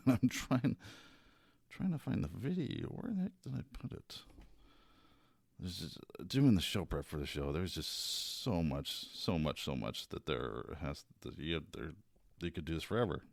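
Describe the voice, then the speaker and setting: A man with a very low voice hosts his own talk show, rambling and restarting as he goes. His pitch swings up and down a lot. The sound is dry and close. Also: sing-song, gravelly, darkish tone, dry recording. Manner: rambling, halting with restarts and laughs. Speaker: podcast host. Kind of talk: casual solo commentary.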